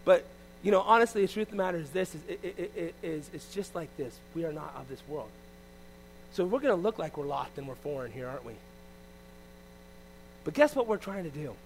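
A man preaching a sermon as pastor, animated, swinging between loud exclamations and hushed asides. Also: a little high, a little fast, pauses often, a little hiss or hum, low-quality recording.

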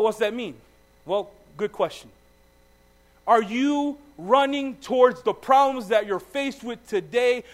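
A man with a high voice preaches a sermon, reading scripture haltingly and then pressing his listeners with direct questions. His delivery swings between loud and very soft passages.

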